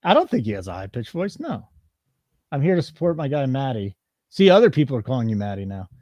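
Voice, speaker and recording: Man, sports betting co-host, lively up-and-down pitch, teasing, dry close sound. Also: fast, dry recording. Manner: animated, teasing, reads chat comments aloud. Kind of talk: casual live-stream banter.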